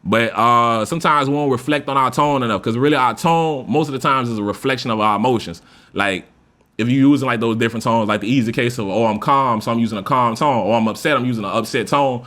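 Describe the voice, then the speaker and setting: A male podcast host with a medium-pitched voice talks fast in a casual monologue. He is loose, animated, and profane, swearing a lot and now and then acting out example voices.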